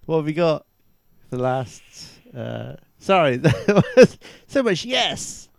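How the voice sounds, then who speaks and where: High, giggly man hosting radio. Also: slow pace, gravelly. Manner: giggly and excitable, laughs often. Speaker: radio show co-host. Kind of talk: casual breakfast radio banter. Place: radio studio.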